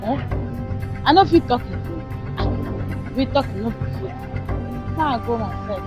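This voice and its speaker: Excitable rambling Nigerian woman, high voice. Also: takes it slowly, loud music behind the voice. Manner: rambling, excitable, loud outbursts. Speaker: comedian. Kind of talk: comedy skit in pidgin.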